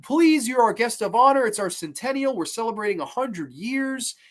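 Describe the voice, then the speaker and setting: A man voicing overly friendly small-town welcomers in a high, gushing tone. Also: expressive, moderate pace, fairly bright tone. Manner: gushing, sugary hospitality.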